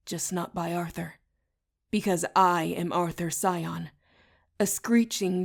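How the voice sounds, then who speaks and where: A woman narrates an audiobook in a low voice with a gravelly fry underneath. Her delivery stays steady and even, with a fairly flat melody. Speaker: audiobook reader.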